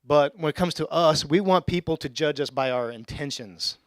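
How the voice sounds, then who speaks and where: A young adult male pastor giving a conversational sermon in a church, with joking asides and bursts of excitement. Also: a little high, normal speed, dry recording, clean studio sound. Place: church sanctuary.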